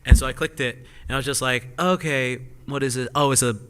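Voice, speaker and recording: A man's voice: medium pitch, steady tone, brisk, fairly bright tone, clear, resonant tone. A man on a convention panel telling a casual, rambling story full of "I was just like" asides. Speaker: podcast panelist. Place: convention panel room with audience.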